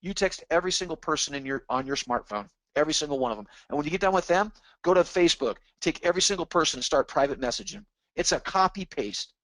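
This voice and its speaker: A man leads a sales training webinar in an eager, pushy way. His voice sits on the higher side and sounds dry and close. He drives each point home by saying it again. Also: animated, quick pace, hardly any pauses, a bit bright, no room sound, low-quality recording. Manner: pumped-up, pushy, repeats himself for emphasis. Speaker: webinar presenter.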